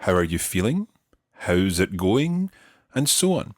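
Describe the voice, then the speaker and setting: A man teaching a beginner language lesson on a podcast, patient and clear as he models words for learners to repeat. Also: low-pitched, sing-song, unhurried, no echo, clean studio sound.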